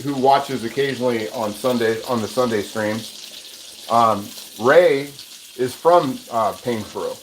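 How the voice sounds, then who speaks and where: A man talks loosely as he cooks, drifting from thought to thought and starting over often. His home kitchen is noisy, with a frying pan sizzling clearly behind him. His pitch is ordinary for a man. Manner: rambling and chatty, with many restarts. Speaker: host of a cooking livestream. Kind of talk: casual chat while cooking and reading viewer comments. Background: sizzling pan and running water.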